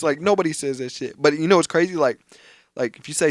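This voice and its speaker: A man's voice: a little high, quick pace, no echo, studio quality. A young man from Texas, co-hosting a podcast, telling loose, profane stories in casual chat. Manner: loose, profane storytelling with put-on voices. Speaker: podcast co-host.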